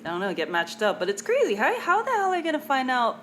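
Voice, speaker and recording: A woman co-hosting a podcast in casual chat, chatty and teasing, with quick asides. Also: sits high, huge pitch swings, fairly bright tone, a little hiss or hum. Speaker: podcast co-host.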